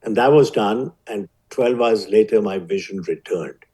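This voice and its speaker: Older Indian man, low husky storyteller. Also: mellow, rough recording. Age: 70s. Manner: measured, vivid storyteller. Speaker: guest, physician. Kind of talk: interview storytelling.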